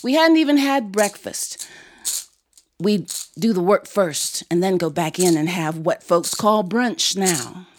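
A woman's voice: lowish voice, lively intonation, slow pace. A woman storyteller from Ohio, telling a family story live before a studio audience and breaking into song to lead them in call-and-response. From Ohio, USA.

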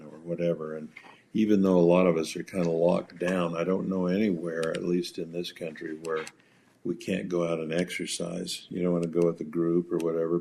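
A man hosting a talk show, giving calm practical advice in a casual chat. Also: sits low, gravelly, a little hiss or hum. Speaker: host.

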